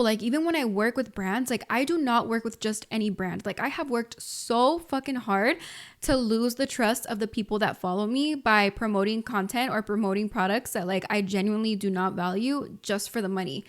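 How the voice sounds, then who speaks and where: A woman in her twenties hosting a motivational solo podcast, talking casually and emphatically with lots of filler words and direct address to listeners. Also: on the high side. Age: 20s. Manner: casual and emphatic, frequent "like" and "you guys". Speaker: podcast host.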